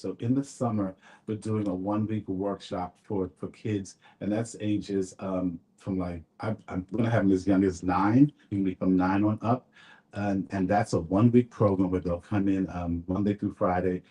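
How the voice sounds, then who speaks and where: Man guest, low and warm, earnest studio radio storyteller. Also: fairly even intonation, moderate pace. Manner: storytelling, earnest, faith-filled. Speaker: fashion designer and guest. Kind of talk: radio talk show interview. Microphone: studio mic.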